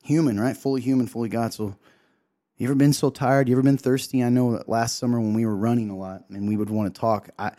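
A man's voice: medium pitch, steady tone, fast, dark tone. A man co-hosting a show, giving an emotional sermon-style talk, earnestly acting out quotes and often asking "right?". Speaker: co-host sharing a devotional.

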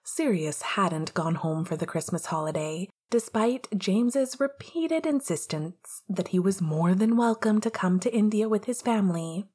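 A woman reading a story aloud as a podfic narrator, soft and measured. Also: medium pitch, animated, breathy edge. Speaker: podfic reader.

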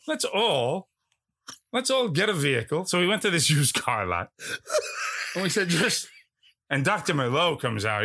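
A man's voice: on the high side, bright, forceful tone. A man doing an impression of a brash older male movie star over a phone call, profane and rambling as he spins a story. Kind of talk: comedy podcast impression.

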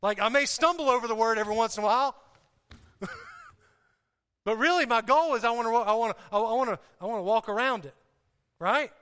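A man preaching a sermon to a congregation in an animated, joking way, often repeating himself and restarting. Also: very high voice, a little fast, pauses often, clear, resonant tone. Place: church hall. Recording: hall reverb.

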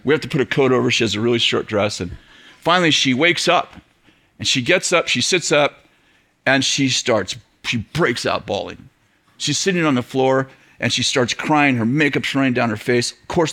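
A middle-aged man preaching to a church audience, telling a story in an animated way, acting out quoted voices and laughing often. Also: mid-range voice, normal speed. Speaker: pastor. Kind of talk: storytelling sermon.

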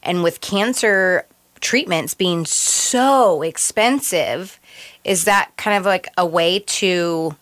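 Upbeat woman co-host, chatty, slightly low voice, dry close sound. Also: slow, no room sound. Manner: upbeat, chatty, reads sponsor shout-outs. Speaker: radio co-host. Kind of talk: casual radio chat.

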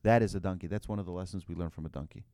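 A lower-voiced man teaching a religious class to a room of listeners. He talks in an animated way, tossing out rhetorical questions and telling stories. The sound is dry and close. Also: racing, dry recording. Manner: animated, asks rhetorical questions, tells anecdotes.

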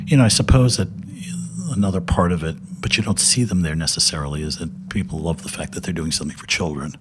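An older man, a television director, speaks fast in a low voice with a little hiss or hum on the recording. He's a guest telling casual anecdotes, rambling with lots of fillers and restarts and laughing often.

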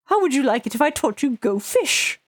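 A woman's voice: sits high, very animated, fairly quick, dry recording, clean studio sound, voice pushed up. A woman voicing a frail, polite old grandfather with a cane, who talks in a doddering, stammering way. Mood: kindly.

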